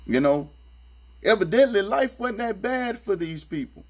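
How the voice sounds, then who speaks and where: A man's voice: expressive, measured pace. Streetwise sarcastic man, humming recording. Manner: streetwise, sarcastic, emphatic, repeats phrases. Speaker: commentator reading and critiquing scripture. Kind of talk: casual spoken commentary. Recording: low electrical hum behind the voice.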